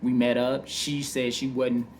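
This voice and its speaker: A man's voice: mid-range voice, level tone, measured pace, a little hiss or hum. A man casually telling a personal story, candid and profane, full of "you know what I mean.".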